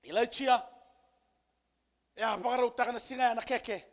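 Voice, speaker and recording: A male pastor preaching a sermon with emphasis, repeating key phrases and building to shouted peaks. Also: very high voice, moderate pace, vocal fry. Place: church service.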